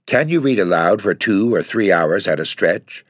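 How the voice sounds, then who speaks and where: A man's voice: low voice, animated, moderate pace, dry recording, clean studio sound. A man doing a haughty, severe older lady. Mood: cold. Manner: crushing, severe, condescending. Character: haughty, severe middle-aged woman agency keeper.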